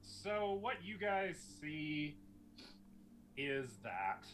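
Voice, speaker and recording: A man's voice: fairly high pitch, very animated, very slow, a bit bright, slight background noise. A man running a tabletop game as game master, narrating with playful teasing.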